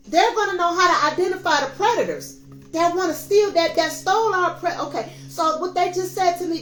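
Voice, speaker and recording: A woman's voice: very high-pitched, a bit bright, reverberant, slight background noise, low-quality recording. A woman hosting a spiritual tarot reading, talking in an impassioned, preachy way and repeating phrases for emphasis. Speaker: tarot reader and show host.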